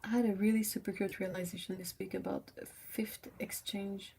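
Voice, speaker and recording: A woman hosting a painting livestream, chatting casually with viewers, answering comments, laughing often and slipping into soft half-whispered asides. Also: mid-range voice, fairly even intonation, normal speed, creaky, slight background noise. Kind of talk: casual chat while painting.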